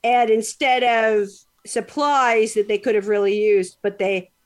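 A woman's voice: a little high, fairly even intonation, a little slow. A woman hosting a podcast, telling a story in casual chat, rambling with lots of fillers and restarts. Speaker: podcast host.

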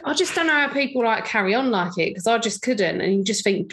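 A woman hosting a casual podcast, animated and swearing, often acting out silly voices. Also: fairly high pitch, a little fast, hardly any pauses, a little hiss or hum. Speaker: podcast host. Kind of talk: casual chat.

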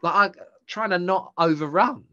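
A man's voice: high voice, normal speed, pushed and bright. A man, a stand-up comedian chatting casually on a podcast and telling rambling, self-mocking stories. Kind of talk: casual chat between comedians. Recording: dull lo-fi sound.

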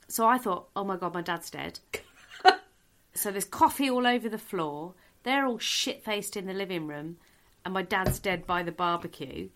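A woman's voice: mid-range voice, a little slow, slight background noise. A middle-aged woman, a comedian guest telling a comic anecdote in a podcast chat and laughing through it. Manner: lively storyteller, laughs through her own story.

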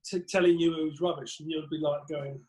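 A man with an Essex accent, a comedian telling lively stories in a casual podcast chat and acting out other people's voices. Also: on the high side, a little fast. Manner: animated storyteller, acts out other people's voices. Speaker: guest, stand-up comedian.

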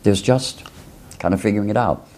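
A man's voice: fairly low pitch, fairly quick, darkish tone. A man from rural Illinois, a philosophy professor, musing aloud in a reflective lecture-style talk full of rhetorical questions and asides. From rural Illinois, USA.

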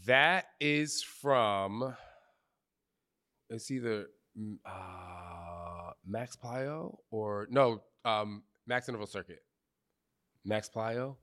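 A man answering questions in front of a group, telling candid stories in animated, slangy speech with cursing and acted-out quotes. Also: on the low side, very slow. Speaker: fitness trainer interviewee. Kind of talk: candid storytelling Q&A before a live group. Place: outdoor retreat gathering.

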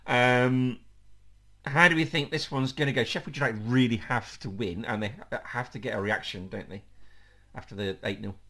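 Man, podcast host, mid-pitched voice, chatty, casual football talk. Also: pushed and bright. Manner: chatty, laughs often, fills with um.

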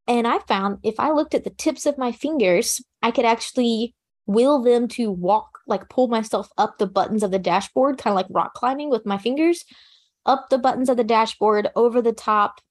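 Calm, matter-of-fact woman telling her story. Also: fairly high pitch, moderate pace. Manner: plain conversational fillers like "you know" and "like". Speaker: interview guest. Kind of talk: personal survival story in conversation.

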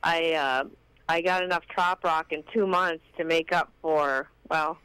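A woman's voice: low-pitched, steady tone, measured pace, fairly bright tone, clean tone, no echo, poor audio. A woman chatting on a radio show, rambling and hesitant, with many fillers. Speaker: guest co-host. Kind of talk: casual on-air chat.

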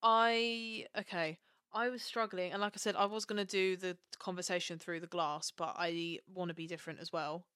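Excitable woman co-host, gushing chat, dry close sound. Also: lowish voice, normal speed, clear, resonant tone, dry recording. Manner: gushing, excitable, acts out quotes. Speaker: podcast co-host. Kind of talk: casual chat.

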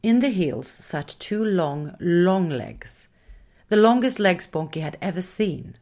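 A woman narrating a storybook in a slow, gentle storytelling manner. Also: fairly low pitch, lively intonation.

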